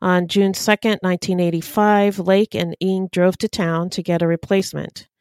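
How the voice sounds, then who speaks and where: A woman co-hosting a true crime podcast, reading out case facts in a steady, matter-of-fact way. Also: fairly low pitch, normal speed, clear, resonant tone, no echo. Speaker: podcast co-host. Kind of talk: reading case details in casual chat.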